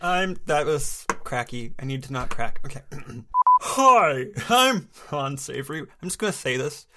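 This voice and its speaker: A man's voice: mid-range voice, normal speed, heavy background noise. A man co-hosting a podcast in casual chat, playful and giggly, often trailing off. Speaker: podcast co-host.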